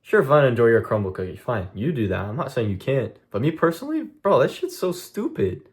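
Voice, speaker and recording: A young man livestreams a blunt, profane monologue to his chat, venting hard about discipline and cutting things out of his life. He speaks briskly and very animatedly at a medium pitch.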